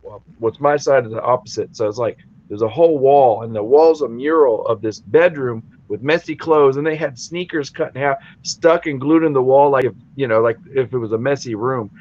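A man hosting a casual stream, telling a long story in a rambling, animated way, full of fillers and restarts. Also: medium pitch, a little fast, highs cut off. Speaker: stream host.

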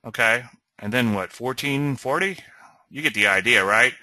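A man hosting a weekly market commentary, talking straight to his viewers in an animated, conversational way and checking in with a frequent "okay?". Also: medium pitch, moderate pace, no room sound, poor audio. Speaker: host of a weekly market chart show. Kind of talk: webinar-style trading commentary.

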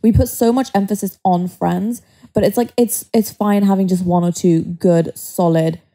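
Young woman, co-host, blunt casual chat, mellow, dark tone. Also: mid-range voice, steady tone, normal speed. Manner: blunt, frequent "like", swears, laughs easily.

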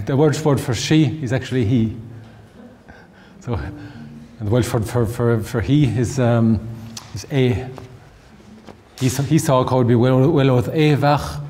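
A man giving an informal language talk, halting with many restarts and fillers, slowing down to spell out examples. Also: medium pitch, warm tone, slight background noise. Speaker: language lecturer. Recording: long hall reverb.

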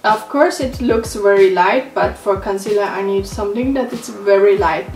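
A woman vlogger talking through a beauty haul in casual, halting English that is not her first language, with frequent fillers. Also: mid-range voice, a little mellow. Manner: unhurried, halting non-native phrasing with many fillers. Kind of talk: casual product haul talk. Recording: roomy echo, mic at a distance, faint music.

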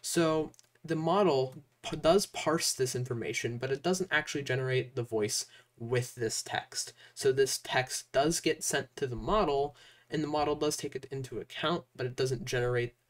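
A young man hosting a casual software tutorial, talking loosely and chattily with lots of "uh" and "like" fillers. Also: mid-range voice, normal speed, distant mic. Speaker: tutorial host.

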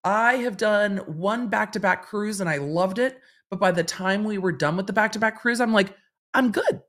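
A woman's voice: medium pitch, normal speed, a bit bright. Chatty woman hosting a livestream. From Los Angeles. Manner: chatty, repeats phrases for effect. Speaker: host and lawyer commentator. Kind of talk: casual livestream chat reading comments.

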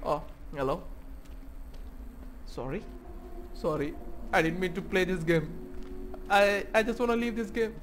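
A man's voice: sits high, unhurried, long pauses, slight background noise. A man giving let's-play commentary on a horror game, swearing constantly and rambling nervously in a panic. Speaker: gaming YouTuber.

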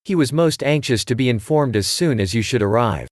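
A man's voice: medium pitch, animated, brisk, dry recording, clean studio sound, close to an everyday voice. Man reading as a grave, steadfast archaeologist. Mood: courteous.

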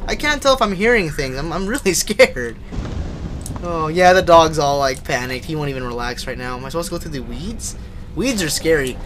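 A man's voice: fairly high pitch, lively intonation, brisk, a bit bright, slight background noise. A young man live-streaming a horror game, swearing, yelping in fright and chatting to his viewers. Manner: jumpy, swears and yelps in fright, then chats to viewers.

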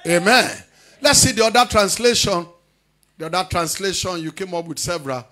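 High-voiced shouting preacher. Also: male voice, brisk, some chatter behind. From Nigeria. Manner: loud preaching with frequent shouting. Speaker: pastor. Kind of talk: charismatic sermon.

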